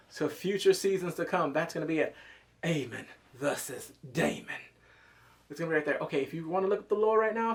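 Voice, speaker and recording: A man with a fairly high voice talks through a TV episode in loose, slangy chat. He gets animated, swears freely and jumps into little reenactments of the scenes. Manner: swears casually, slangy and emotional. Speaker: TV show reviewer. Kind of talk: casual episode review.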